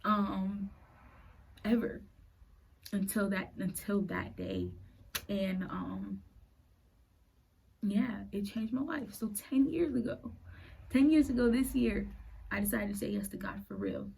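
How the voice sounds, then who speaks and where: A woman in her late twenties hosting a podcast. She tells her personal faith story in an earnest, halting way and is close to tears. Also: medium pitch, animated, creaky, darkish tone, slightly rough, poor audio. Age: late 20s. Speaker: podcast host.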